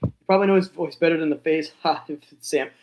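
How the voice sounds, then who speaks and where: A man's voice: on the high side, quick pace, a little mellow. A young man chatting casually to himself and viewers as he reacts live, rambling and saying bro and dude. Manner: rambling, self-talking, says bro and dude. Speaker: vlogger reacting to an awards show.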